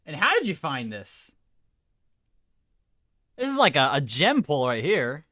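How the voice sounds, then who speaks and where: Brief: male streamer, animated reaction chatter, bouncy pitch, dry recording. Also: measured pace, no echo. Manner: excitable, rambling, with many restarts. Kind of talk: casual livestream reaction.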